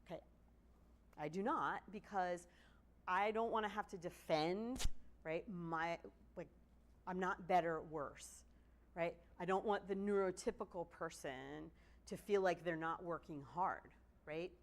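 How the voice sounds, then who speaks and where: Animated woman giving a conversational lecture. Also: lowish voice, measured pace. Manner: animated and conversational, acting out quoted excuses. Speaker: presenter at a court training session. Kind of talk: casual spoken lecture.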